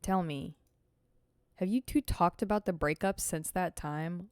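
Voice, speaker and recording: Woman, lower pitch, streamer, reads game text aloud, animated slangy reactions, dry close-miked sound. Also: unhurried, clean tone, no echo. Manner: animated, swears, slangy asides to chat. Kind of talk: reading a visual novel aloud with live reactions.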